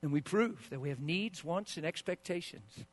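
A pastor preaches a sermon in a slightly high, animated voice at normal speed. He swings between hushed asides and loud bursts, acting out the quoted voices of spouses.

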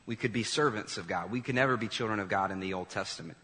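A male pastor preaching a sermon in an animated, emphatic way, with quick asides to the congregation. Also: fairly low pitch, big-room sound.

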